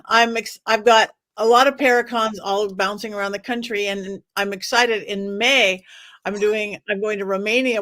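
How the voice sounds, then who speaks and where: A woman's voice: mid-range voice, fairly bright tone, no room sound. A woman guest on a podcast, speaking casually and enthusiastically, rambling through ideas and plans. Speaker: psychic guest.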